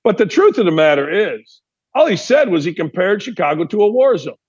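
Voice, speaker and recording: A man's voice: high voice, very animated, brisk, darkish tone, breathy edge, lo-fi sound. A man from Indiana hosting a sports talk show, delivering an emphatic opinion monologue full of rhetorical questions.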